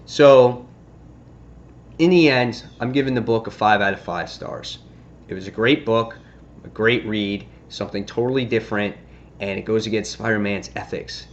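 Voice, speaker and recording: A man casually reviewing a comic book on his vlog, excitably retelling the story. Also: on the low side, moderate pace, dull audio.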